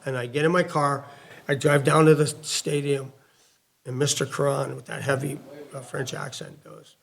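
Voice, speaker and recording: A middle-aged man and former hockey player, co-hosting a podcast and telling a story in a casual, animated way, swearing and acting out dialogue. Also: mid-range voice, normal speed, gravelly.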